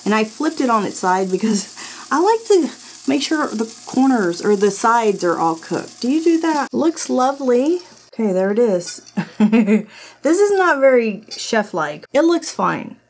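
A woman's voice: a little high, big pitch swings, a little slow, a little mellow. A woman who did not grow up speaking English, hosting a casual product review vlog from her home office, blunt and laughing, swearing freely. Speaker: host of a product review channel.

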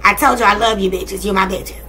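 A woman's voice: medium pitch, fairly even intonation, fairly quick, bright, forceful tone, slight background noise. A woman in her thirties giving a casual tarot and spiritual reading to her viewers, talking bluntly and sassily with plenty of profanity. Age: 30s. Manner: blunt, profane, sassy and emphatic. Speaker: tarot and energy reader.

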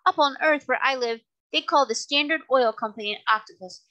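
Woman playing a sassy little girl from a storybook, bright and blunt. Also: high voice, fairly quick, highs cut off, voice pushed up. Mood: scornful. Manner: blunt and scornful.

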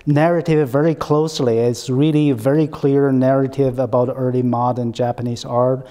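Mellow-voiced man hosting, often asking "right?". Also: medium pitch, level tone, normal speed. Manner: hesitant, repeats words, tag questions "right?". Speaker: interview host, center scholar. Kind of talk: recorded academic conversation.

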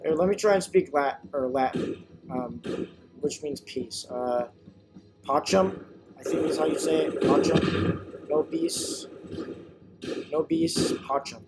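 A young man giving excitable live commentary while playing a video game, yelping and shrieking whenever his character dies. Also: on the high side, a little slow, music in the background. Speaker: gamer.

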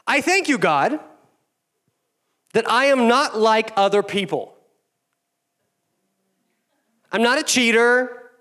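A man's voice: very high-pitched, expressive, measured pace, pushed and bright, voice pushed up, exaggerated voice. A man playing a smug, self-righteous religious man who boasts about himself in a pompous way.

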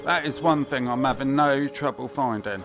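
A man's voice: mid-range voice, moderate pace, fairly bright tone. A man giving casual, sweary commentary while playing a game and muttering to himself. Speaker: gameplay commentator. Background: game music.

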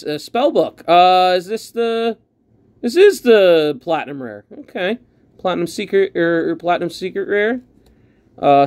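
A chatty man opens trading card packs and talks his way through every pull. His voice swings up and down in pitch, and he takes his time, drawing out his words at an unhurried pace. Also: vocal fry. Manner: chatty, excitable, thinks aloud while sorting cards. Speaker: card collector opening packs. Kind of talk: casual pack-opening commentary.

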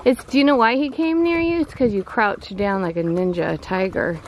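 Outdoors by her chicken yard, a mother vlogs in a casual, playful chat with her son, laughing often. Her voice is medium-pitched and brisk, with faint outdoor noise behind her.

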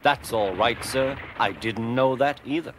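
A man's voice: mid-range voice, unhurried, a bit bright, a little hiss or hum, lightly acted. A man voicing a polite, worried young male steam engine in a storybook reading.

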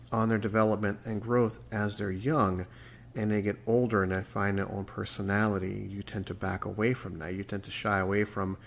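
A man in his forties hosts a solo podcast, delivering a reflective monologue. He is earnest and rambling, sometimes stumbling over words, in a fairly low, gravelly voice.

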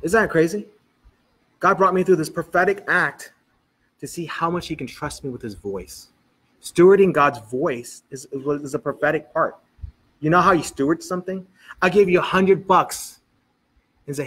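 A man's voice: on the high side, expressive, moderate pace, a bit bright, husky. A middle-aged man preaching as a pastor, telling a personal story in church and acting out the dialogue as he goes. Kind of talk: storytelling sermon.

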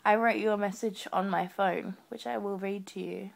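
Drowsy young woman with a creaky voice. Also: medium pitch, steady tone, normal speed. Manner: soft, drowsy and affectionate, talking with eyes closed. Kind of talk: sleepy video message to a partner. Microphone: webcam.

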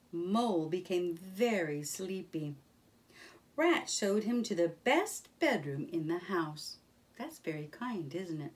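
A woman reading a children's book aloud, telling the story in an expressive, measured way. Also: on the low side. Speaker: storybook reader.

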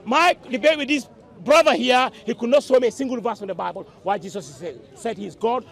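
A man's voice: very high-pitched, a little fast, creaky, fairly bright tone. A man in a heated outdoor street debate who keeps repeating himself to push his point through. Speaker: Muslim debater. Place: outdoor public park. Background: crowd of listeners.

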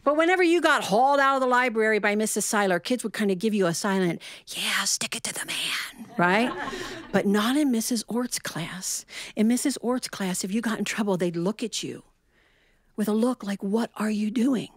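A middle-aged woman telling a personal story in an animated way, acting out the voices in it. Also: fairly quick, no echo, clean studio sound. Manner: lively, animated, acts out quotes with big pitch jumps. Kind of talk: personal story told to an audience.

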